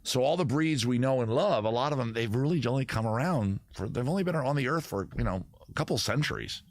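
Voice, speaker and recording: Lively rambling man at a close mic. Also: mid-range voice, fast. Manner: rambling, jokey, self-interrupting. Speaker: host. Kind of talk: casual live-stream chat. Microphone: tabletop boom mic.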